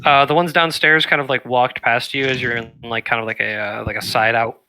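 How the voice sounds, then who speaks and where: Bright-voiced laid-back game master. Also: male voice, medium pitch, steady tone, brisk, clean tone, rough recording. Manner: laid-back, hesitant, many fillers and laughs. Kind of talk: running a tabletop game.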